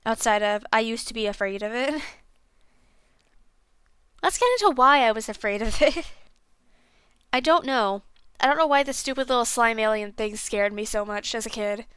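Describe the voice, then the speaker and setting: A woman's voice: on the high side, moderate pace, pauses often, fairly bright tone, smooth, no room sound. Rambling young woman streamer. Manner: rambling, self-deprecating, lots of fillers. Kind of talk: casual game review chat.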